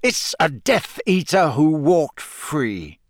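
A man voicing a gruff, grim older male wizard who talks slowly and mutters. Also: a little high, sing-song, no room sound, studio quality, full character voice. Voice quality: gruff, growling. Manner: slow, muttering.

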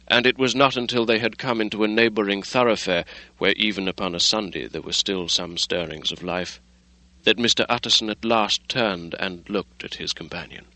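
A man reading a classic novel aloud as audiobook narrator, measured and steady. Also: lowish voice, dry recording, rough recording.

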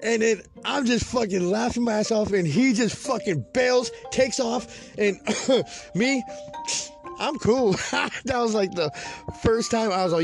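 A man from California's Central Valley with a high voice tells a rambling story packed with swearing. He laughs at his own tale as he goes. Faint music plays under him. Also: unhurried. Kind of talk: casual profane storytelling monologue.

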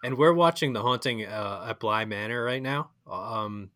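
A man's voice: mid-range voice, moderate pace, fairly bright tone, no echo, clean studio sound. A man with an American accent co-hosting a podcast, chatting casually and easily, now and then reading definitions aloud. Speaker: podcast co-host. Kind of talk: casual chat.

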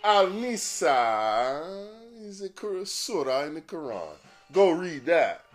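A man's voice: a little high, big pitch swings, slow, soft background music. A man hosting a podcast in a casual, rambling monologue, swearing freely and laughing at his own jokes. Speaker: podcast host.

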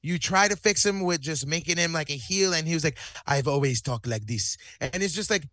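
A man's voice: on the high side, fast, pushed and bright, no echo. A man co-hosting a casual wrestling chat, ranting heatedly with lots of swearing.

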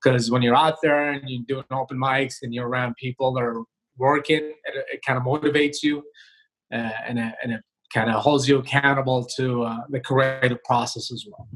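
A male comedian talking casually in an interview over a video call, relaxed and rambling with many fillers and restarts. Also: medium pitch, low-quality recording. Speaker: comedian guest. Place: home, remote video call.

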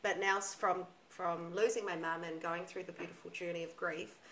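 A young woman with a lowish voice talks frankly and emphatically, dropping swear words without a second thought. She chats casually on a podcast, with a faint hum of room ambience behind her. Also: fairly even intonation, normal speed, fairly bright tone, poor audio. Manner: candid, swears freely, emphatic. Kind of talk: casual chat.

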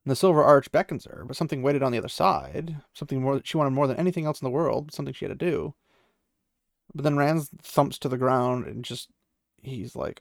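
A man's voice: medium pitch, brisk, creaky, no echo, studio quality. A man casually retelling a fantasy novel, rambling and slipping into the characters' voices, with opinionated asides. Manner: rambling, acts out the characters' quotes loosely. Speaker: book recapper.

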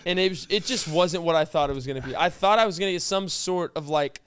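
A young man with a fairly high voice jokes and teases through casual chat. His sound is dry and close, with no room around it. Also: quick pace, smooth, no echo. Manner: jokey, teasing storyteller.

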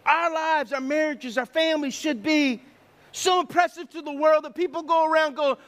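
A man's voice: very high-pitched, moderate pace, a bit bright. A middle-aged man preaching a sermon, telling stories with sound effects and acted asides. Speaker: pastor.

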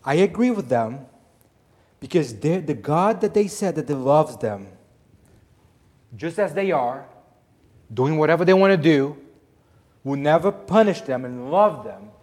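Preacher guy going loud then quiet, kinda high voice, long echo like a big church hall. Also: lively intonation, a little slow, pauses often. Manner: emphatic preaching, swinging from loud to hushed. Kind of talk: sermon.

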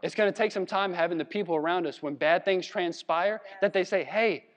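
A man from Virginia preaching a sermon in a conversational, animated way, with laughs and asides. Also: sits high, brisk, big-room sound. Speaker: pastor. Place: church hall.

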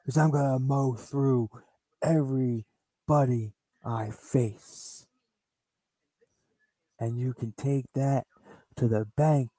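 A man voicing a cold, threatening wrestler, speaking slow and low. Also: warm tone, husky, no echo. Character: menacing cold male wrestler, snake-like threat.

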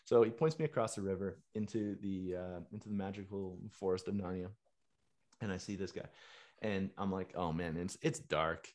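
Lively man telling a story. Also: low-pitched, brisk. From Canada. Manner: animated, laughing, swears freely. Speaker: musician and fitness coach. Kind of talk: casual storytelling monologue.

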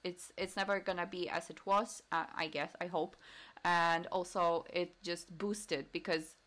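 A woman's voice: on the low side, a little slow. Woman chatting casually about studies. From Poland. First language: Polish. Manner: chatty, self-correcting, relaxed storytelling. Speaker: guest. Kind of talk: casual chat.

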